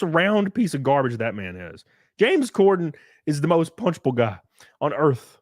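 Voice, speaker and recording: A man hosting a livestream, ranting and commentating in a sarcastic, animated way. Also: a little high, a little slow, dry recording, clean studio sound. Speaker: livestream host.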